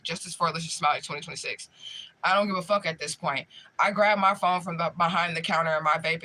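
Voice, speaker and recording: A young man telling a profane, animated story in casual chat, often laughing as he retells it. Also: a little high, a little hiss or hum. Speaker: spiritual medium livestream host.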